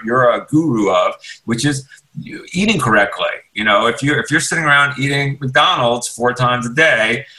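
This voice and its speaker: A man's voice: medium pitch, pushed and bright, low-quality recording. A man, an author, talking as a radio interview guest in a reflective, rambling way with many restarts. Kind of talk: casual interview talk. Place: radio studio.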